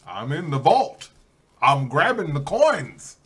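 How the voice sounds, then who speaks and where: A man doing a grave, slow narrator impression. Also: a little high, sing-song, a bit bright, breathy edge, full character voice. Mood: greedy. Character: impression of a famous deep-voiced male narrator, older, grandiose.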